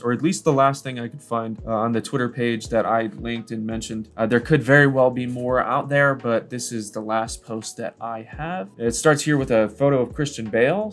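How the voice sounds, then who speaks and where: A young man giving comedic commentary on online posts, animated and incredulous, often jumping up high for jokes. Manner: animated, incredulous, jumps into high squeaky voices for bits. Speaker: YouTuber reading online posts.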